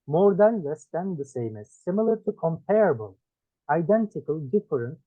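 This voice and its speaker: Male Turkish-accented English tutor, lively pitch, dry close sound, drills words one by one. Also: dry recording. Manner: listing words one by one with pauses. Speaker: English teacher. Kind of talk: one-on-one lesson. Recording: dry tinny phone-like sound.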